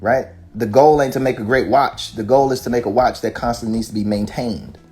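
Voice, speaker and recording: Male rapper, mid-pitched voice, heated profane rant full of rhetorical questions, faint music underneath. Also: steady tone, brisk, dark tone. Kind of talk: casual rant.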